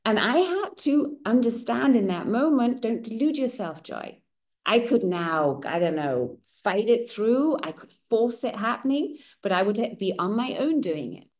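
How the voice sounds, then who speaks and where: A middle-aged woman whose first language is German, hosting a women's circle and telling a personal story in a candid, expressive way that keeps checking in with "right?". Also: fairly high pitch, a little slow.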